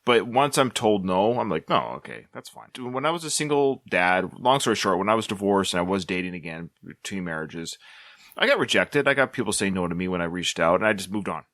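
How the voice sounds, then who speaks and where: A man's voice: sits low, brisk, no room sound, clean studio sound. A middle-aged man co-hosting a podcast, talking through a film in an earnest, musing way. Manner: earnest, musing, lively quotes of characters. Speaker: podcast co-host. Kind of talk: casual film discussion.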